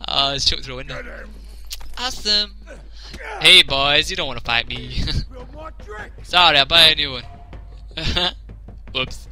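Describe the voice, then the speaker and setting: Young guy, bright lively voice, jokey let's play commentator. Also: on the high side, slow pace, long pauses. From England. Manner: jokey, laughs often, reacts loudly. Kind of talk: casual gameplay commentary.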